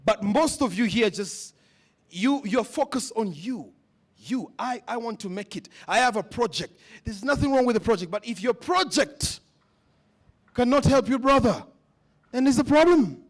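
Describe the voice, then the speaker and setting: A man's voice: very high-pitched, animated, normal speed. A man speaking at a leadership summit, giving a motivational speech that repeats questions to the audience. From West Africa. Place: conference hall.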